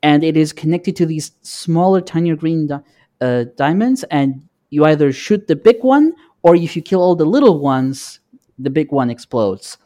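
Male podcast co-host, a touch higher-pitched, calm and methodical when explaining. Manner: measured and explanatory. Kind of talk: casual chat.

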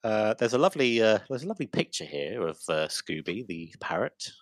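Reading a funny news story to his fellow host, this young man talks a little fast in a lowish, very animated voice. The chat is casual, and he giggles and bursts into loud laughter as he reads.

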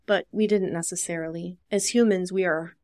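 A woman's voice: on the low side, fairly even intonation, normal speed, darkish tone, no echo. Earnest woman explaining caregiving, dry close mic. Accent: Upper Midwest American. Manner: earnest and instructive, acts out short example dialogues. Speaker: dementia care business owner and social worker. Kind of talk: podcast interview, explaining caregiving tips.

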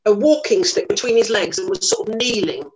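A middle-aged woman, a lively, self-mocking actress telling stories in an interview. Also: a little high, brisk, breathy edge, rough recording. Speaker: actress guest. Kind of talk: anecdotal interview storytelling.

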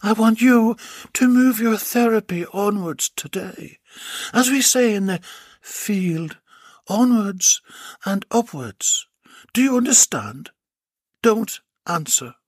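A man's voice: high-pitched, lively intonation, slow pace, no echo, studio quality, voice pushed up, heavily acted. A man voicing a commanding, seductive woman doctor in an audiobook reading, in a coaxing, theatrical manner.

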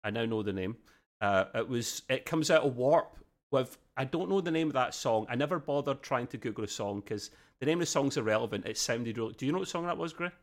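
An Australian podcast co-host chats enthusiastically in a casual review, rambling with frequent restarts and fillers. His medium-pitched voice is fairly quick with lively intonation.

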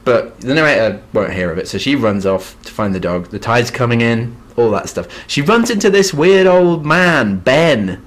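A man co-hosting a podcast, talking through a classic novel in an easy, conversational way. His tone is dry and a little wry, and he drops in quick asides as he goes. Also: mid-range voice, expressive. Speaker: podcast co-host. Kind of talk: casual literary chat.

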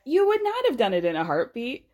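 A woman's voice: a little high, wildly swooping pitch, fairly quick, darkish tone. A woman hosting a podcast, giving a casual, blunt and sarcastic recap of a reality show, swearing freely. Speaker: podcast host.

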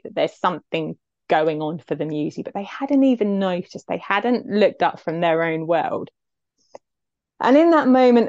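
A woman's voice: medium pitch, darkish tone, dry recording, highs cut off. A woman, telling a personal story as an interview guest, heartfelt and reflective.

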